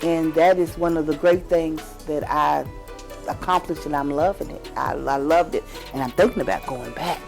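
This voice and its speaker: An older woman, chatting with her granddaughter and telling family stories with animated, acted-out voices. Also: low voice, normal speed, creaky, faint music behind. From Kentucky. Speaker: grandmother of the host. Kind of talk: casual storytelling chat.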